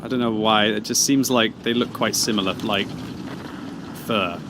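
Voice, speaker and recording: Streaming a game, this man from Britain speaks at a normal speed in a steady tone with a lowish voice. He reads out chat messages, teasing and rambling casually, with game sounds clearly heard in the background.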